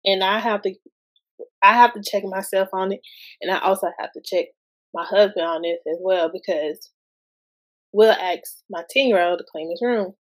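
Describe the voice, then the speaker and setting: A woman in her thirties, guest-hosting a podcast, chats casually about parenting in loose everyday speech, firing off plenty of rhetorical questions. Her voice is mid-range and the audio is poor.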